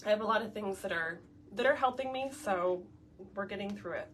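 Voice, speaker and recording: A woman co-hosts a casual live stream, her voice stuffy and nasal from a head cold. She chats in a friendly way at a middling pitch. She is heard from a distance, with faint room noise behind her. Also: brisk. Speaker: co-host. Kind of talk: casual live video chat. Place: work studio.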